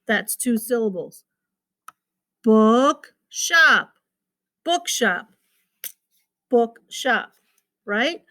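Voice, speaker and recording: A woman's voice: fairly high pitch, measured pace, fairly bright tone. A woman teacher giving a recorded phonics lesson to children, patiently repeating words and sounding out their syllables.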